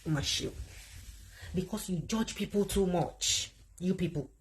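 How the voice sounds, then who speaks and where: A Nigerian woman hosts a live online chat, her voice husky and a touch breathy. She talks in an animated way, addresses her viewers directly and reads their comments aloud between her own remarks. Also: lowish voice, normal speed. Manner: animated, talks straight to viewers, laughs often. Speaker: livestream host.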